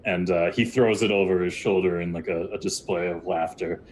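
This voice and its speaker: A man guides a tabletop game as game master, talking loosely and chattily through each scene. His voice sits on the low side. A faint rumble runs beneath the recording. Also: little pitch movement, moderate pace. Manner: casual, filler-heavy narration.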